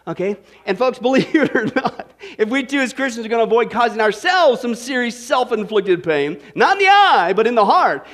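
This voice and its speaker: A male pastor preaching a Bible study, telling a joke and firing questions at the congregation by name. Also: sits high. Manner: animated, quizzes the congregation by name. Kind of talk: sermon with joke.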